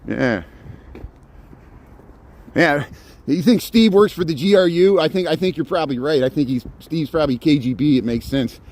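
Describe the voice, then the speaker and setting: A man from the Chicago area live-streams on his phone while walking outdoors through a snowy zoo. His voice is fairly high and darkish at a moderate pace, and he chats casually, laughs often, and answers viewer comments.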